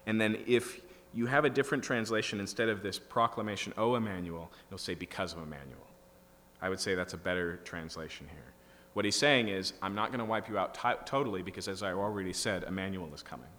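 A pastor explaining scripture line by line, building to emphatic bursts. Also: male voice, low voice, brisk, fairly bright tone. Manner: teaching, rising to emphatic bursts. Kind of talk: expository sermon. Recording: reverberant hall with faint hum.

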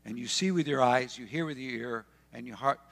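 A man preaching a sermon with passion, swinging between loud declarations and hushed asides. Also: medium pitch, brisk, gravelly, long reverb tail. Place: church hall.

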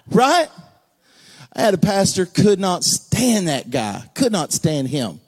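Pastor, man, fairly high voice, folksy humor, sudden shouts, deliberate delivery. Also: husky. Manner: folksy, joking, animated preaching with sudden shouts and hushed asides. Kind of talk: sermon.

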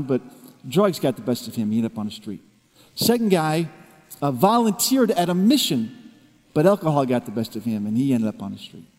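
Man, pastor, high voice, storytelling sermon, long hall reverb. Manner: storytelling, swings from low hushed tones to raised emphatic preaching.

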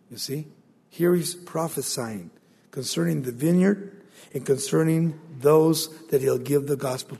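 A man preaching a sermon, building to loud emphasis and acting out the voices of biblical figures. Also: mid-range voice, gravelly, husky. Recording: long hall reverb.

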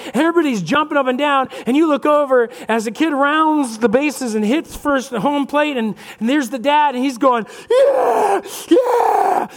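High-voiced animated preaching man. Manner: animated, acts out congregation voices. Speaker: pastor. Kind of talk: sermon. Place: church sanctuary.

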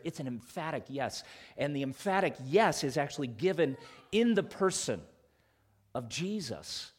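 A male pastor preaching a sermon to his congregation, earnest, with loud emphatic peaks and soft quiet drops. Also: mid-range voice, husky.

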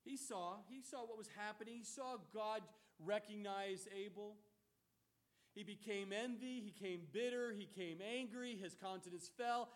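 A man preaching a sermon in an animated, emphatic way, mixing casual slang into his teaching. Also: high-pitched.

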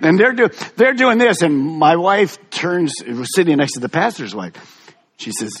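Animated husky-voiced male preacher. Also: sits high, normal speed. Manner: animated, emphatic preaching with wide swings. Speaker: pastor. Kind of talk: sermon.

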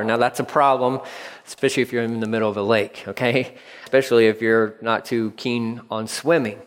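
A man's voice: medium pitch, in a large hall. A male pastor preaching a sermon, telling the story vividly and repeating key lines for emphasis.

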